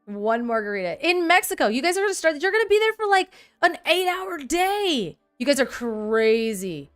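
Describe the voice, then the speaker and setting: A woman's voice: high-pitched, normal speed, faint music behind. A woman in her thirties hosting a casual livestream, chatting animatedly and reading viewer comments aloud. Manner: animated, chatty, reads chat aloud, laughs often. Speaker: livestream host.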